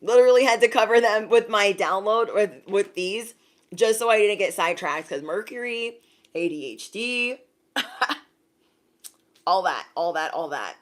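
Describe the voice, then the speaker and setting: A young woman chatting casually on a livestream as an intuitive reader, animated and laughing often, thanking viewers by name. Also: medium pitch, unhurried.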